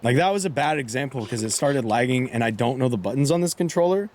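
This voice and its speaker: A man streaming live with casual, excitable chat, yelping and swearing when things go wrong. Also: medium pitch, fast talker, a little hiss or hum. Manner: excitable, yelps and swears at mistakes.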